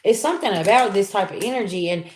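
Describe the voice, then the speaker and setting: A woman's voice: mid-range voice, quick pace, reverberant. Chatty woman giving a tarot reading. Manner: colloquial, talks straight at the audience; acts out quoted people in lively voices. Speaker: tarot reader. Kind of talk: casual tarot reading to viewers.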